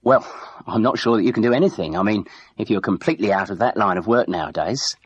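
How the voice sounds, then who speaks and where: A man voicing a composed older widowed woman who speaks in a measured, polite and quietly firm way. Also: on the low side, husky, lo-fi sound.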